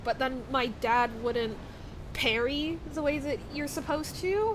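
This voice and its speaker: A young Southern American woman chats casually on a live stream, rambling with plenty of fillers and frequent laughter. Her high voice is animated and unhurried, with a little hiss or hum in the recording.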